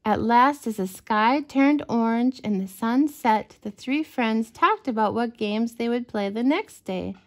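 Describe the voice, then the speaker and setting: A woman reading a bedtime story aloud to children, gentle and expressive. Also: a little high, measured pace, few pauses.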